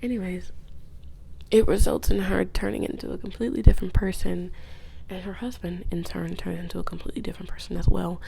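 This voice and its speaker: Woman vlogger, gravelly voice, swears a lot and mutters half-whispered asides, noisy home recording. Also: lowish voice, level tone, fast talker, warm tone. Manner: rambling, profane, drifts into whispered asides. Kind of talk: casual video essay recap.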